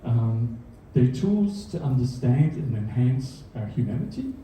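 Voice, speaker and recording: A slow-talking man with a dark, mellow voice delivers dry science jokes on a comedy stage, chuckling at his own lines. His pitch moves about in a lively way. He is picked up from some distance in a very echoey hall, with faint room noise behind him. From Australia. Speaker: university researcher giving a comedy science talk. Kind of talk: stand-up science talk. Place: comedy venue stage before a live audience.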